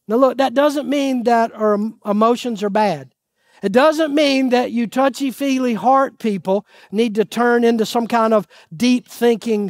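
A pastor preaches a sermon in a medium-pitched voice, recorded with studio quality and no echo. He puts questions to the congregation and answers them himself, driving his points home with earnest pleading.

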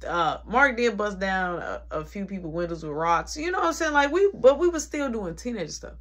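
A young adult woman telling a personal story in an animated, dramatic, slangy way. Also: mid-range voice, a little fast. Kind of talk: casual storytime.

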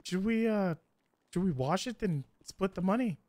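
Excitable streamer man with a lively voice. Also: high-pitched, moderate pace, no echo. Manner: excitable, swears and laughs often. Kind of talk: casual game role-play chat.

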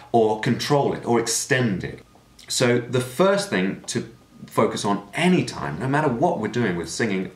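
A man giving a singing lesson, explaining technique clearly. His voice rises and falls in a lively way. The room around him is echoey. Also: mid-range voice. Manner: explanatory, with sung and shouted demonstrations. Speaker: singing teacher.

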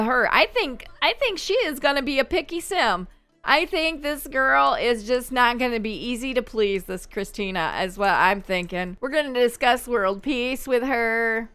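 Woman gaming host, casual play-by-play, slightly high voice, crisp and clear. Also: fairly bright tone. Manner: chatty, exclaiming at on-screen events. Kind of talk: casual gameplay commentary.

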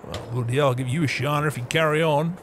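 A man's voice: on the high side, fast, a little hiss or hum, lightly acted. An actor playing a grumpy old male farm boss, grumbling, swearing and scolding in a game roleplay.

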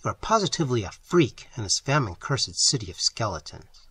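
Man playing a firm teasing young man, lively pitch, husky, dry close sound, storybook reading. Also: brisk, no echo, exaggerated voice. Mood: lecturing.

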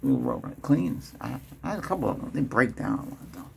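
Playing a doctor in a whispered role-play, this man rambles chattily and laughs a lot, sliding from whisper to soft tones to his normal voice. He sounds medium-pitched, very animated and fairly quick, with vocal fry and slight background noise.

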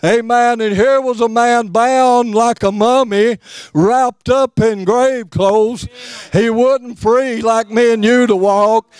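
A man's voice: very high voice, steady tone, slow, a little mellow, clear, resonant tone, no room sound. A man preaching a fervent sermon, drawing out his phrases and punctuating them with "amen".

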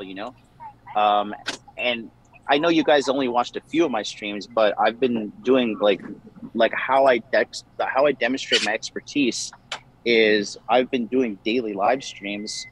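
A man's voice: mid-range voice, fairly bright tone, a little hiss or hum, low-quality recording. A young man, a dating coach, talking casually and defensively with many restarts. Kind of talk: casual call-in conversation.

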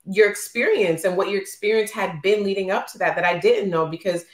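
A woman's voice: medium pitch, brisk. Candid woman co-host in an echoey room. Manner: candid, emotional, acts out quotes. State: postpartum. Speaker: podcast co-host. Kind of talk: casual chat.

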